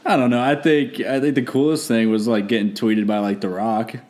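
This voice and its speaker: A man, a former baseball pitcher, talking as a guest on a casual podcast, rambling with many fillers. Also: steady tone, a little fast, darkish tone.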